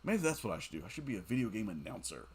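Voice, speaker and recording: A man's voice: fairly low pitch, big pitch swings, racing, a little mellow, slightly rough. A man streaming a mobile game late at night, chatting casually, reading viewer comments aloud, joking and laughing often. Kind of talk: casual live-stream chat while playing.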